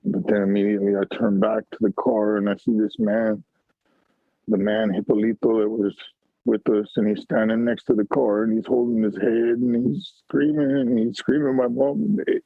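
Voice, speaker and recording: A man on a call-in panel telling a personal story in a raw, halting way, swearing heavily, heard over a video call. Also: on the low side, steady tone, vocal fry, dry recording. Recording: tinny phone-like call audio.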